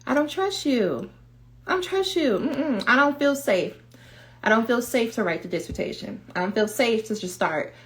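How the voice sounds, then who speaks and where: A woman's voice: a little high, animated, moderate pace, a little hiss or hum, close to an everyday voice. A woman voicing her own anxious inner voice of self-doubt, needling and taunting in slangy, casual talk.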